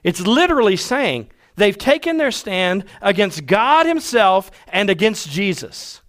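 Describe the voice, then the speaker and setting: A man preaching a sermon, animated, acting out quoted voices and dropping at times to a hushed tone. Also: high-pitched, unhurried. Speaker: pastor.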